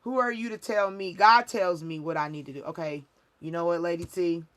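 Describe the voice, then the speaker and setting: A woman's voice: lowish voice, lively intonation, fairly quick. A woman hosting a spiritual reading livestream, talking casually in an emphatic, rambling, preachy way. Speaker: spiritual reader and livestream host.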